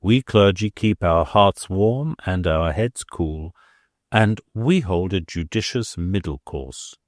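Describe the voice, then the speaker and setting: A man doing a smooth, evasive church dean. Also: sits low, animated, slow, dry recording, studio quality. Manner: smooth, cautious, equivocating.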